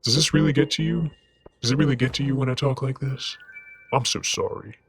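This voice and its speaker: A gravelly, fry-laden voice leaning right into the mic in whispered role-play, syrupy and mock-seductive as it tries far too hard to be intimate, as a man puts it on. It stays at a middling pitch but drips with slow, overdone smoothness. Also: a crowd in the background, close to an everyday voice. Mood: sultry. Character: sultry close-up ASMR-style man, overly intimate. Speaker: streamer.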